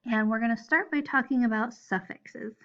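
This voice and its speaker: A woman's voice: a little high, moderate pace, dull audio. A woman teaching a phonics lesson to first graders, patiently spelling out letters one at a time. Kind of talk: recorded phonics lesson for children.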